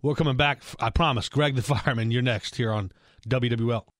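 A man's voice: mid-range voice, fairly quick, fairly bright tone, no room sound, clean studio sound. A man hosting a sports talk radio show with playful, sarcastic banter.

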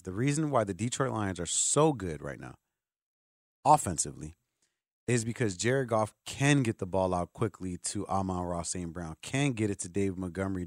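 A man hosting a sports talk radio show, animated and joking, often jumping in over the others. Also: lowish voice, no room sound, studio quality.

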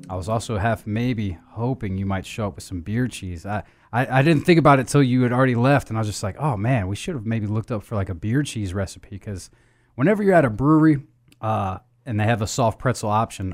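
Rambling casual beer podcast host. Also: male voice, lowish voice, darkish tone. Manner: rambling, many restarts and fillers. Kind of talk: casual chat.

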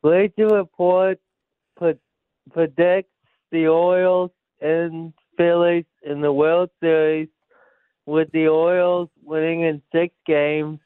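A man's voice: fairly high pitch, flat delivery, takes it slowly, clear, resonant tone, no echo. Cheerful male caller on a tinny phone line. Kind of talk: phone-in call.

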